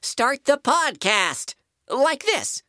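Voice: sits high, big pitch swings, very slow, sharp tone, slight background noise, full character voice. Bob the Tomato, voiced as a sensible cartoon tomato. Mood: patient. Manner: level-headed, patient, mildly exasperated. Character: sensible male tomato, patient and slightly fussy. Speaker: co-host. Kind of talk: cartoon podcast voice acting.

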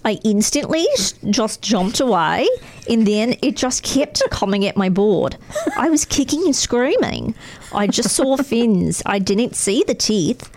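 Woman doing a male Australian surfer, put-on accent, laid-back, drawling, lively pitch. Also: measured pace.

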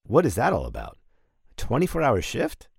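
A man's voice: mid-range voice, huge pitch swings, normal speed, vocal fry, husky, dry recording, clean studio sound. A man co-hosting a casual podcast, quizzical and joking. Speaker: podcast co-host. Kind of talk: casual chat.

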